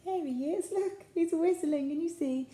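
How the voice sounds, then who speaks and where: A woman's voice: very high voice, moderate pace, dark tone, reverberant. A woman reading a picture book aloud to children in a playful, sing-song way, often asking them questions. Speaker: children's storyteller.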